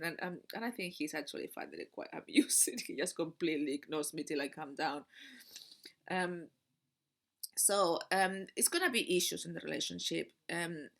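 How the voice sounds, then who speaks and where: A woman who is a spiritual teacher tells a personal story in a casual monologue, animated and laughing often as she repeats words. Her voice is on the low side.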